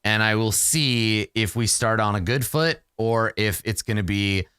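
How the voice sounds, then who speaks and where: Bright, crisp-voiced man playing solo. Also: fairly low pitch, unhurried, no room sound, studio quality. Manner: casual, self-mocking. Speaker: solo game player and narrator. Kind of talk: narrating a solo tabletop game.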